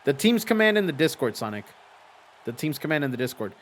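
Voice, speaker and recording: A man's voice: on the high side, sing-song, quick pace, slight background noise. A man with young children, hosting a casual livestream from a home green-screen setup, chatting with viewers, reading their messages aloud, swearing and laughing easily. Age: adult with young children. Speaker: streamer hosting a simulated wrestling league.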